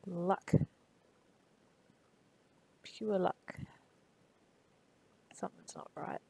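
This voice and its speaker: A woman streaming live while 3D modeling, muttering quietly to herself, reading tool tips aloud and chatting loosely with viewers. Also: medium pitch, little pitch movement, extremely slow, vocal fry, husky, no echo, rough recording. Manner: chats loosely with viewers in between.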